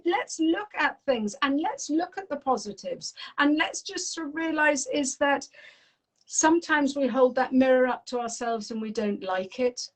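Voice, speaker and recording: A middle-aged woman, a parenting coach talking in an interview in a lively, rambling way with frequent restarts. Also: high voice, rough recording. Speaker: parenting and teen coach, guest. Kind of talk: conversational interview.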